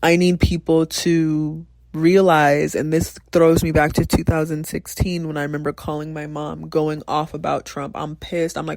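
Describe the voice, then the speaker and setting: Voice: mid-range voice, flat delivery, normal speed, creaky, few pauses, darkish tone, no echo. Passionate rambling podcast host, dry sound. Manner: passionate, rambling, frequent profanity; laughs often, thinks aloud with fillers. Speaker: teacher. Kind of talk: casual podcast talk.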